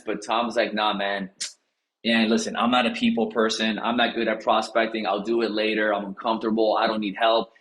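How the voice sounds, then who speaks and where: A man giving a lively motivational coaching talk to real estate agents, telling stories and speaking straight to the audience. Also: fairly high pitch. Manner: animated, storytelling, addresses audience directly. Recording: roomy echo.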